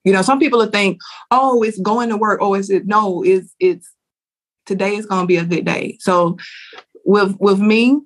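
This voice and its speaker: A woman guest on a podcast talks frankly and earnestly. Her way of speaking is casual and conversational, and her pitch sits in a middle range. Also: steady tone, moderate pace. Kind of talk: candid interview talk.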